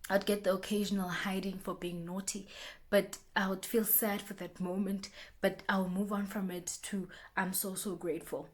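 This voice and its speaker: A young woman vlogging a casual motivational talk, chatty, repeating herself and restarting often, acting out friends' lines in lively bursts. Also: mid-range voice, moderate pace.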